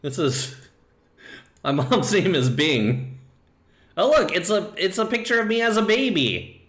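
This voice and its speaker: A man's voice: sits high, very animated, unhurried, a bit bright, reverberant. A man streaming live, reacting in casual commentary with laughing asides and fillers.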